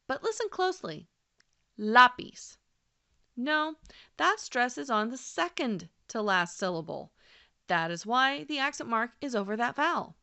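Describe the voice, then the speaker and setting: A woman narrating a scripted language lesson, speaking clearly and deliberately and slowing down to model example words. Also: a little high, bright, forceful tone. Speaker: language teacher.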